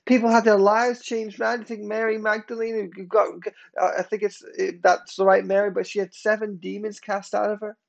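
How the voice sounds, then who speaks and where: Man, preacher, sermon, fairly high voice, gravelly edge, emphatic, loud then hushed. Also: level tone, normal speed. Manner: emphatic, swings between loud and hushed delivery.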